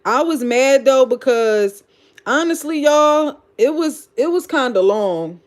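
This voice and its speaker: A woman's voice: high-pitched, expressive, slow. Blunt Philly woman gossiping on a livestream. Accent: Philadelphia. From Philadelphia. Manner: loose, blunt and profane, gossipy storytelling. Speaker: livestream host. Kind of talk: casual livestream chat reading comments.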